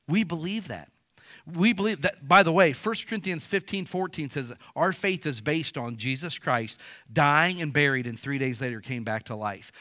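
A pastor preaching a sermon, swinging between quiet stretches and loud emphatic peaks. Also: male voice, mid-range voice, no room sound, clean studio sound.

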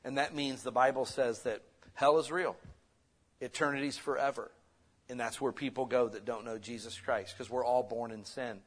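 Lively conversational preacher man. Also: medium pitch, normal speed. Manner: lively, conversational preaching that swings from loud to soft. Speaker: pastor. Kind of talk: sermon.

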